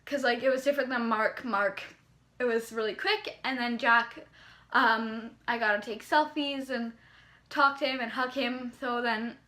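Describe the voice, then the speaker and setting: A young woman vlogger from Canada excitedly telling a story in casual chat, rambling with lots of "like"s. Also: fairly high pitch, unhurried.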